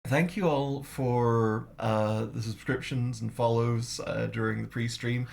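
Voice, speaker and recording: Slow, gravelly man chatting on stream. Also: medium pitch, fairly even intonation, a little mellow. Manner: rambling with many "uh"s, laughs often. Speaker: streamer co-host. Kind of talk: casual stream chat. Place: home room.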